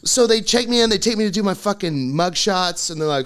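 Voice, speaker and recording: A young man tells a comic story with a lively, swooping delivery. His voice is bright and tense, and he breaks into frequent laughter as he acts out the people he quotes. He talks in a loose, rambling way. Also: high voice, brisk, smooth. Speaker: podcast co-host. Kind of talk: comedic storytelling.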